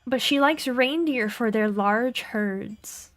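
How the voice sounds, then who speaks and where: A woman's voice: a little high, slow, no room sound. A young woman streaming a game, chatting casually, giggling often and reading game text aloud.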